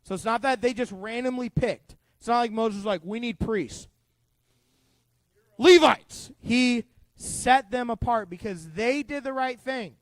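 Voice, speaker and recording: A youth pastor talking to middle schoolers, lively and chatty, acting out the characters and questioning the room. His voice sits high for a man, and the sound is dry and close. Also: moderate pace, dry recording. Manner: animated, conversational, acts out characters, asks the group questions. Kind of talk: youth group Bible teaching.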